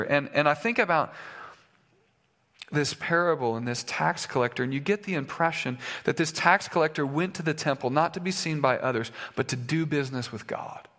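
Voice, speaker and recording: A man's voice: fairly high pitch, pushed and bright, big-room sound. A male pastor preaching a sermon in a conversational way, with fillers and restarts, in a church sanctuary.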